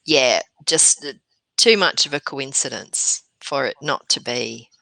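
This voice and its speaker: A woman's voice: rumbling low, unhurried, creaky, sharp tone, no echo, low-quality recording. A woman co-hosting a casual live chat over a remote call, agreeable, with short affirming replies. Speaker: co-host of a live morning chat.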